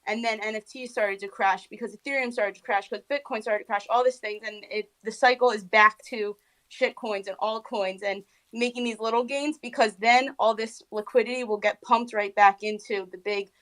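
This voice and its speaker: A woman's voice: fairly high pitch, steady tone, normal speed, a bit bright, low-quality recording. A woman in casual chat, explaining things eagerly with lots of fillers.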